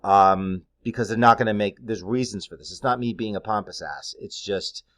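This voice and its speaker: A man's voice: lowish voice, moderate pace, fairly bright tone. A middle-aged man, a massage therapist, giving casual, candid advice in a blunt, conversational way with plenty of fillers.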